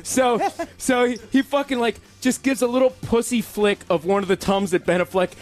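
A man telling a crude, animated story among friends, swearing and laughing often. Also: very high-pitched, normal speed.

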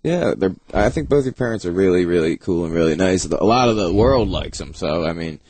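A man hosting a casual chat, asking laid-back, halting questions. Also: low voice, lively intonation, darkish tone, husky, no echo.

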